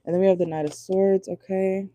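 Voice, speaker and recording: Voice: medium pitch, level tone, brisk, mellow. A chatty tarot reader giving a casual, blunt reading from inside a car, swearing freely and laughing often.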